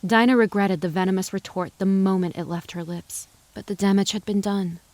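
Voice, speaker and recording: A woman reading a western novel aloud as narrator, in an even, measured storytelling voice. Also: mid-range voice, dry recording. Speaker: audiobook narrator. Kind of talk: scripted narration.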